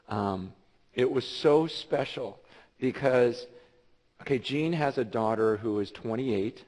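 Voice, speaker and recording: A man preaching a sermon as a pastor, telling a story with animated delivery and acting out the voices of the people in it. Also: medium pitch. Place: large church hall. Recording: long hall reverb.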